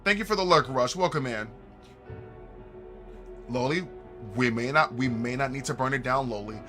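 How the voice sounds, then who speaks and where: Bright, lively young male game streamer. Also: medium pitch, normal speed, faint music behind. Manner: animated, laughing, reads game dialogue aloud and jokes to chat. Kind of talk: casual let's-play commentary.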